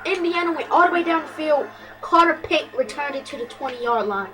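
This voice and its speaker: A woman doing excitable play-by-play commentary over her football video game, bursting into shouts on big plays and tripping over her words. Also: high voice, moderate pace, faint music behind, rough recording.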